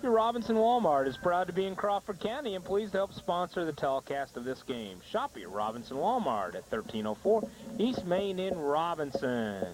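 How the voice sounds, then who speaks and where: Brief: male announcer, slightly high, very animated delivery, sponsor reads, faint hiss. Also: normal speed, low-quality recording. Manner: lively, laughs easily while reading ads. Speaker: play-by-play announcer. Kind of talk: local high school baseball broadcast with sponsor reads.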